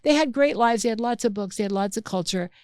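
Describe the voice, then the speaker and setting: A woman's voice: fairly high pitch, fast talker, clean tone, no room sound. An older woman, a mother and podcast guest, telling family stories in casual chat, acting out quotes with lots of restarts. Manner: animated storyteller, acts out quotes, frequent restarts.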